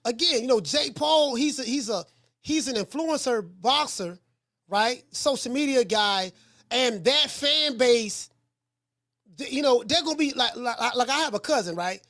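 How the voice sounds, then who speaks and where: A man hosting a call-in boxing talk show, chatting in a relaxed, rambling way that circles back and repeats points. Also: very high voice, unhurried, dry recording, studio quality. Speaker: boxing coach and show host.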